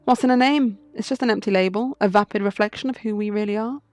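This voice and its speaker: A woman's voice: mid-range voice, fast talker, no echo, faint music behind, close to an everyday voice. A woman voicing a suave male fox fugitive who speaks in a poised, riddling storyteller manner. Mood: cryptic.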